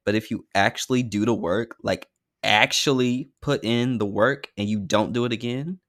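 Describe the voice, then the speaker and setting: A man's voice: mid-range voice, normal speed, fairly bright tone. A man co-hosting a podcast in casual chat, frank and joking. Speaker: podcast co-host.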